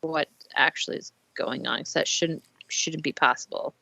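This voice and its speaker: Gravelly low woman, halting tabletop player. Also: steady tone, pushed and bright, dry recording. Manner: hesitant, halting with many fillers. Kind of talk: tabletop role-play over voice chat.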